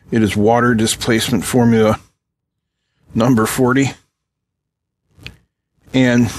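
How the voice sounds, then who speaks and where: A middle-aged man hosting a casual electronics tutorial at his home workbench, joking and chatting with viewers while he solders and tests a board. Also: mid-range voice. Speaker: electronics channel host.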